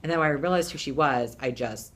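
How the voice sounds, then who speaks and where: Low-voiced animated woman puppeteer. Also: fast, noisy background. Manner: animated, laughing, acts out quoted voices. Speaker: puppeteer guest. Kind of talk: casual interview storytelling.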